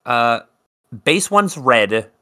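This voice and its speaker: A man's voice: mid-range voice, sing-song, extremely slow, bright, forceful tone, clear, resonant tone. A man from South Jersey co-hosting a podcast, telling a long rambling story in casual chat and swearing freely. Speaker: podcast co-host.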